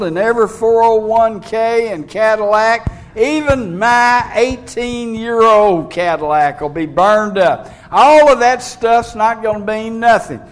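A man preaching a sermon in a folksy way, reading scripture and building to fervent, loud passages. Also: sits high. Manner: folksy, rising to fervent shouts when preaching.

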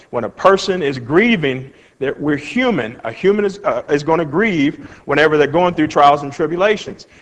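A man with a fairly high voice leads an informal Bible study, reading verses aloud and explaining them plainly and conversationally. He's animated, acting out Job's feelings in his own words, and the rough recording has a big-room sound.

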